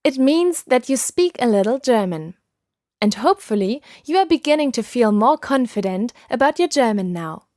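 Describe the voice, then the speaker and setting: A woman teaching a scripted podcast language lesson, speaking patiently and enunciating clearly. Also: on the high side, expressive, moderate pace, a little mellow, dry recording, clean studio sound.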